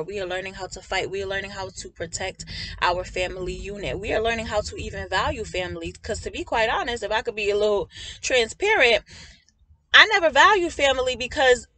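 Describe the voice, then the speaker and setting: A raspy woman preaches with casual fervor, as if talking straight to her followers. Her voice has a bright, forward edge, worn a little by tiredness. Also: mid-range voice, a little hiss or hum. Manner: casual, fervent, addresses listeners as family. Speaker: prophetic minister. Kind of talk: preaching to an online audience.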